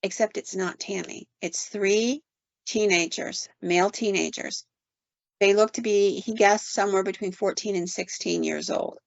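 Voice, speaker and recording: A woman podcast host telling a story in an animated, conversational way, often quoting people with "like". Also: mid-range voice, moderate pace, vocal fry, no echo. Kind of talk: casual storytelling. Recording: dull, dry sound.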